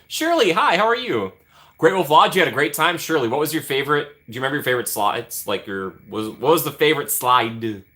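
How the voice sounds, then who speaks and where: With a bright, forceful voice of medium pitch, a young Midwestern American man runs a casual livestream. He's playful and chatty, reading and answering chat and welcoming viewers by name.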